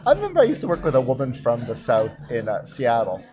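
A man's voice: mid-range voice, wildly swooping pitch, fast, a little mellow, faint music behind. A man co-hosting a casual chat, playful and mock-pompous as he teases his co-host. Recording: lo-fi recording with crowd chatter behind.

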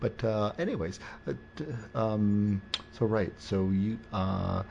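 A man's voice: lowish voice, takes it slowly, vocal fry. Podcast host guy, jokey and rambling, lots of restarts, faint hiss behind. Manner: rambling, joking, many restarts. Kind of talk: casual podcast chat. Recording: dull lo-fi recording.

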